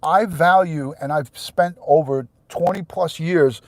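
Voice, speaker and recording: A middle-aged retired police detective, talking blunt and profane on a live stream, sometimes heated and shouting. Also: male voice, a little high, measured pace, no echo. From New York. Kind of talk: live stream rant to viewers.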